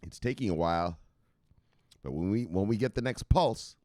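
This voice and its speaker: Man, low voice, very animated pitch, casual crypto commentary, playful, swears a lot, dry close sound. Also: normal speed, no room sound. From United States. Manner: playful, swears freely, sing-song chants. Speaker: crypto news show host.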